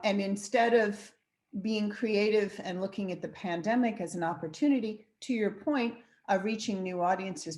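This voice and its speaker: A woman's voice: medium pitch, a little mellow. A woman hosting an interview, agreeing emphatically and eagerly before asking her questions. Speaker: podcast host.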